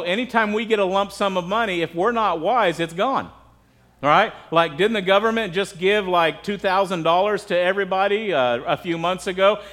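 American male pastor, high pitch, casual preaching, keeps asking the room "right?". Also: a bit bright. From United States. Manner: conversational, asks the crowd "right?" often. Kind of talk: sermon.

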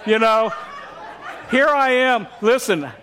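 A man's voice: very high voice, expressive, slow, bright, forceful tone, some chatter behind, slight background noise. A man, a pastor, preaching a sermon through candid, humorous storytelling.

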